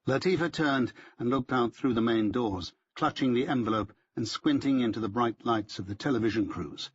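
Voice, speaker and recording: Man, audiobook narration, mid-pitched, husky, dry understated delivery, muffled recording. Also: moderate pace. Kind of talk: first-person novel narration.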